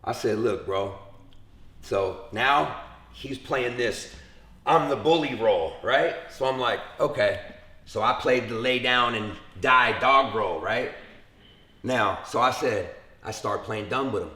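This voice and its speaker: A young man tells his story in a casual interview with a gravelly, rough-edged voice. He acts out the people he quotes in a lively, profane way. The room around him has a noticeable echo. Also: medium pitch, unhurried. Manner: animated retelling with acted quotes and profanity. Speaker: interview guest.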